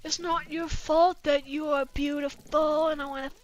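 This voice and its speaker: A woman's voice: sits high, level tone, moderate pace, lightly acted. Woman doing a melodramatic teen vampire boy. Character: overwrought teen male vampire lover, melodramatic. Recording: dull lo-fi with music behind.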